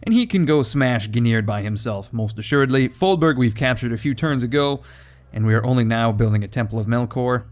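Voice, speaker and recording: A man's voice: medium pitch, brisk. A man giving casual, rambling gameplay commentary, joking and swearing freely.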